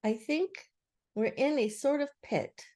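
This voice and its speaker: A woman voicing a timid tiny male piglet with a squeaky high voice, talking nervously in a storybook reading. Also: slow pace, dark tone. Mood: fretful. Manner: nervous, trembling.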